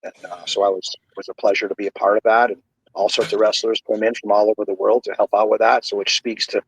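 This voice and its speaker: A man's voice: on the low side, level tone, fast, creaky, slight background noise, poor audio. A middle-aged man, a wrestling guest on a podcast, telling a long rambling story full of fillers and restarts. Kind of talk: casual storytelling.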